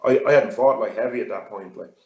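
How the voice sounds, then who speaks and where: An Irish man, a fighter who also owns a gym, chats casually as an interview guest in a voice on the low side and fairly quick. He rambles, full of fillers and restarts. The audio sounds roomy and dull.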